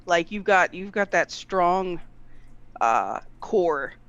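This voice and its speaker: A live-stream co-host talking loudly and with animation in casual chat. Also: mid-range voice, takes it slowly, dull audio. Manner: loud, animated, talks with hands. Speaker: livestream co-host.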